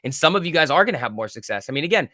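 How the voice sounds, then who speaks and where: Rapid-fire and sing-song, a man with a fairly high, bright, forceful voice hosts a live trading stream, loosely talking through his market read and occasionally cursing. The audio is clean studio sound, free of echo.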